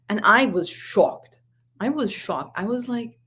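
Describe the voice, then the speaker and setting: A woman's voice: fairly high pitch, unhurried, a bit bright. A woman in her forties, a parenting coach, giving a live talk and telling stories from home with quoted exchanges. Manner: earnest, storytelling with acted quotes.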